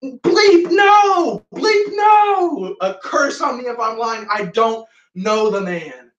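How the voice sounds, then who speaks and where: An impetuous, loyal disciple protests his devotion in a high, insistent voice, as a preacher acts him out. The sound is roomy, as if caught in a hall from some distance away. He pushes each line with urgent emphasis. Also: normal speed, fairly bright tone, muffled recording. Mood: panicked.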